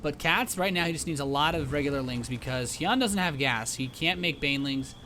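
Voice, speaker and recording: Bright-voiced chatty male game caster. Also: fairly high pitch, a little fast, slight background noise. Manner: chatty, rambling, many fillers and restarts. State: hiccups. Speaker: esports caster. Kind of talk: live game commentary.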